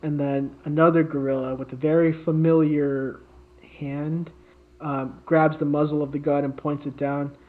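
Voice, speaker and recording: A man's voice: fairly high pitch, little pitch movement, normal speed. A man co-hosting a podcast, telling a made-up story in casual chat with lots of fillers and restarts. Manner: rambling, many fillers and restarts. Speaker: podcast co-host. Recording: tinny phone-like audio.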